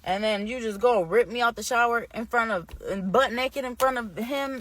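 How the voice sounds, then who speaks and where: A woman's voice: on the high side, moderate pace, few pauses, fairly bright tone, no room sound. A young woman vlogging, telling a personal story in a rambling, candid way, often indignant. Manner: grows heated and indignant. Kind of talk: casual storytime monologue.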